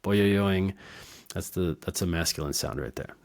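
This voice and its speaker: Deep-voiced rambling man musing on herbs. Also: brisk, gravelly. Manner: rambling, playful, laughs at own wordplay. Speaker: herbalist podcast host. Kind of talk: casual educational monologue.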